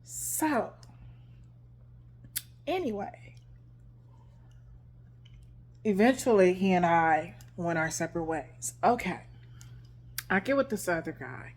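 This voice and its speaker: A woman's voice: on the low side, big pitch swings, slow, long pauses, darkish tone, a little hiss or hum. A woman who works as a life coach, telling a personal relationship story to her camera in a frank, conversational way with plenty of fillers. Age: adult with grown children.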